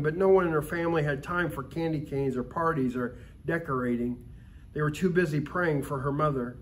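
A man's voice: on the high side, a little hiss or hum. Man reading a Christmas storybook. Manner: calm, expressive storytelling with small slips. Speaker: story reader.

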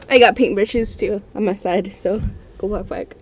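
A woman hosting a let's-play of a scary game from her room at home, her voice sitting at a middle pitch. She talks to herself in jittery, repetitive bursts. The commentary is nervous and unscripted throughout. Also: steady tone, measured pace. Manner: jittery, nervous self-talk, repeats herself. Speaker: gaming channel host.

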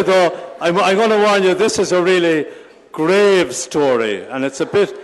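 Priest telling mock-solemn jokes. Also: male voice, sits high, measured pace. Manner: playful, teasing, mock-solemn. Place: large church. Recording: long church reverb.

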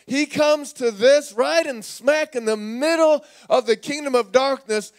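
A man pastor preaching a sermon in a church, animated and calling on the congregation to repeat words back. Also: extremely high pitch. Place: church sanctuary.

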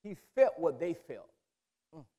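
A man preaching a sermon as pastor, in emphatic call-and-response style that builds to loud, drawn-out declarations. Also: on the high side, big pitch swings. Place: church sanctuary. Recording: long reverb of a church hall.

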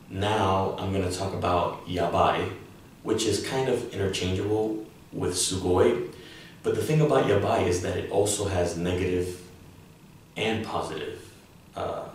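Male language teacher, casual and filler-heavy, low slow delivery, distant and echoey recording with a faint room hum. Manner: relaxed, lots of fillers, acts out examples with exclamations. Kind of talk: casual online lesson. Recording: very echoey room, mic far off.

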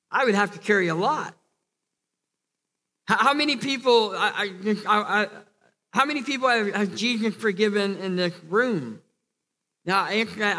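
A male pastor preaches earnestly and insistently, restarting phrases as he climbs to emphatic peaks. His high voice is bright and forceful, and a long church-hall reverb trails each line.

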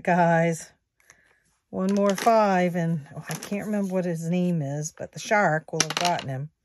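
A woman in her sixties, a savings vlogger, chatting softly and unhurriedly to her viewers as she works through savings challenges at home. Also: on the low side, slight background noise. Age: 60s. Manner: soft-spoken, unhurried, talks to viewers as guys. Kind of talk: slow casual commentary while doing savings challenges. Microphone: phone or camera close on a table.

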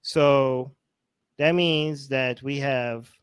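A man's voice: medium pitch, very slow, clear, resonant tone, no room sound. Teasing man hosting a talk show, dry sound. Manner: excitable, teasing, thinks aloud with restarts. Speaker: host. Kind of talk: casual chat.

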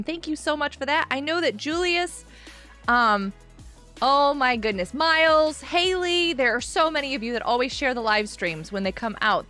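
A woman's voice: sits high, bright, forceful tone. A woman chatting casually on a gaming live stream from a carpeted room at home, giggly and laughing often.

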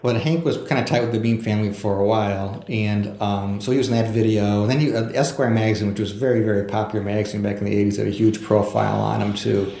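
A man with a low, gravelly voice spins anecdotes as a podcast guest, full of ums and small laughs. His voice bounces around a roomy, echoey space. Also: fairly even intonation, fast talker, hardly any pauses, warm tone. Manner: anecdotal, with fillers and chuckles. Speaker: author guest. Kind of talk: casual storytelling in a podcast interview. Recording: echoey room.

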